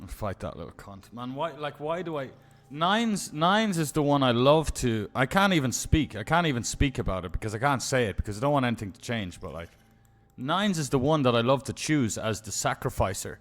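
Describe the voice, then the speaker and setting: A man's voice: mid-range voice, sing-song, fairly quick, fairly bright tone. A man commentating his own online poker game on a live stream, muttering and swearing in exasperation.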